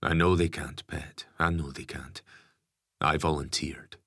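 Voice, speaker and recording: A man playing a stubborn ex-convict father who talks calmly and plainly. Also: a bass voice, a little slow, slightly rough, no echo, studio quality, exaggerated voice. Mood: resigned. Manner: calm, plain-spoken.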